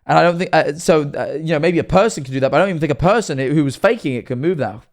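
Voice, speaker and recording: A man's voice: fairly high pitch, very fast. A man livestreaming and reacting to videos, rambling with lots of fillers, getting worked up and then sheepish. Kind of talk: casual live-stream commentary.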